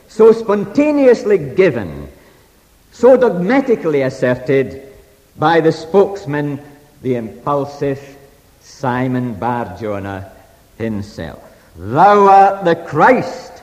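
A male preacher delivers a sermon at an unhurried pace, his pitch rising and falling widely as he presses on key phrases. His voice sits a touch high for a man and rings out with the long reverb of a large hall. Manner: slow, emphatic, archaic scripture phrasing.

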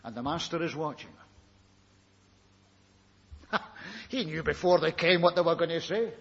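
In an echoey hall, captured on a dull lo-fi recording, a man with a fairly high voice preaches a sermon a little slowly, telling the story dramatically and throwing rhetorical questions at his listeners.

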